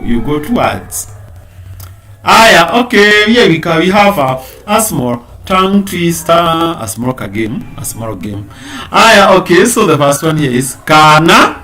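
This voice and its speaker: A man teaching a language lesson on a live stream, saying each new word slowly and repeating it so learners can echo it. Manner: drawls out target words louder and higher.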